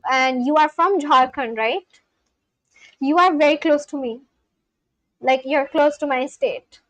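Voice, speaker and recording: Woman, high voice, chatty live-stream host, answers viewer messages, dry close sound. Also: unhurried, a bit bright, no room sound, poor audio. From Kolkata, India. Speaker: livestreamer. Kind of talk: casual live-stream chat.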